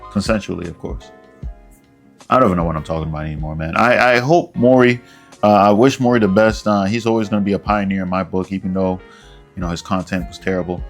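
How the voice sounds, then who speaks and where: A man with a deep, low voice and a gravelly edge hosts a casual commentary vlog. He rambles along, joking at his own expense. Faint music plays behind him. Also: steady tone, fast talker. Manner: rambling, joking, self-deprecating. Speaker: commentary channel host.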